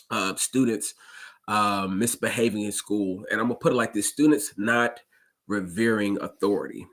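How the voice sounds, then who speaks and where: A man who drives a school bus, casually telling a story to his listeners and acting out the dialogue with lively jumps in his voice. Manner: animated, acts out dialogue with big pitch jumps; conversational, addresses listeners directly.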